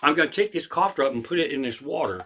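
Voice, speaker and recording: A man's voice: fairly high pitch, expressive, fast, a bit bright. A man in his sixties, a comedian hosting a livestream, rants with heavy profanity and gets himself worked up. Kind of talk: profane ranting livestream chat.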